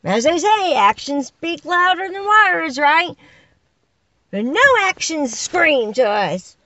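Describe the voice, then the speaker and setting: Exasperated high-voiced woman, lively pitch. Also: slow, no room sound, highs cut off. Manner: exasperated, emphatic, rhetorical questions. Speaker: caller addressing unseen listeners. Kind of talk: impassioned monologue.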